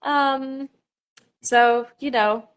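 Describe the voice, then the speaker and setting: This young woman, in her twenties and competing in pageants, has a high, clean voice with a steady tone. On a livestream she speaks informally but haltingly, filling gaps with ums and anxious giggles.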